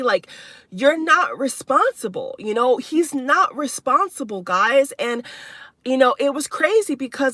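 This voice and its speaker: A young woman in her twenties talks straight to camera in a personal vlog. Her voice is bright and forceful and sits a little high. She presses her points with repetition and a steady stream of "you know" and "like", recorded close and dry. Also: no echo. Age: 20s. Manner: emphatic, repeats herself, fillers like "you know". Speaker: spiritual vlogger. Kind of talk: candid personal monologue.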